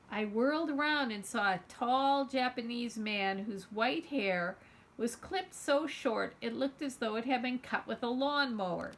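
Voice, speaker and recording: Bright-voiced woman reading a children's story. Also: fairly high pitch. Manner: expressive first-person storytelling. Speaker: storytime reader. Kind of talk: reading a children's novel aloud.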